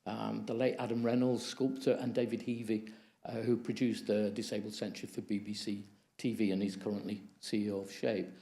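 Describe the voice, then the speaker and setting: A man giving a measured lecture at a conference, reading from his slides and adding anecdotes. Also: lowish voice, mellow. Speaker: conference speaker. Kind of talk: lecture presentation.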